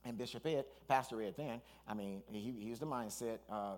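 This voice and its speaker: A man, a pastor, preaching a sermon in an animated storytelling way, with asides and restarts. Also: medium pitch, fairly quick.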